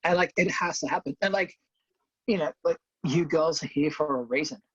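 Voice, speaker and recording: A woman's voice: low-pitched, normal speed, husky, dry recording. A woman, co-hosting a casual chat, blunt and swearing freely as she acts out stories. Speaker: podcast co-host. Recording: dull lo-fi sound.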